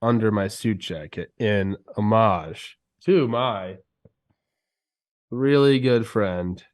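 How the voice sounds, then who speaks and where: Congested dude on a podcast, rambly and chill, dry sound. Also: male voice, lowish voice, takes it slowly, dry recording. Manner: laid-back, rambling, laughs mid-sentence. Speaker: podcast co-host and former player. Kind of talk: casual chat.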